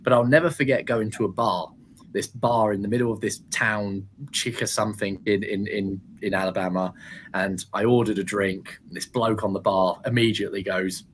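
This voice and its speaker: A man's voice: fairly low pitch, steady tone, moderate pace, a little hiss or hum. A man in his twenties from England, chatting casually in a blunt, sweary way and laughing often. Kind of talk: casual chat.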